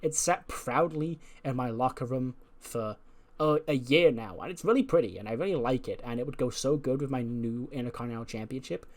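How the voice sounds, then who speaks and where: Vain bubbly female wrestler voiced by a man, sing-song, mid pitch. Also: a little fast, natural voice. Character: bubbly self-absorbed young female wrestler.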